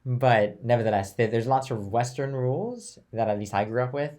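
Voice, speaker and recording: A young man teaching a chant class in a relaxed, chatty way, switching between talk and sung note names and phrases. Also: medium pitch, normal speed.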